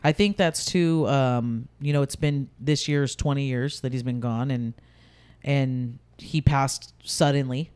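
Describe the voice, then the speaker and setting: A woman's voice: a bass voice, fairly even intonation, a little slow, darkish tone, smooth. A woman in her thirties, a podcast guest, telling a personal story candidly in casual conversation, with many fillers. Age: 30s.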